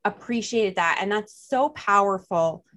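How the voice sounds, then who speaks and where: A woman's voice: mid-range voice, measured pace, a bit bright. A woman with a New Jersey accent hosting a podcast, chatting casually with plenty of "like" and "you know". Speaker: podcast host. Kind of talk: casual chat.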